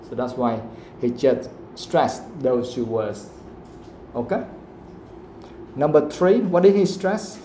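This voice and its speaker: A male English teacher, working through a live lesson in a mellow, low-key voice and pausing often to ask "okay?". He sounds like he is in an echoey room with a faint hiss underneath. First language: Vietnamese. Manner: explanatory, keeps checking with "okay?". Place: classroom.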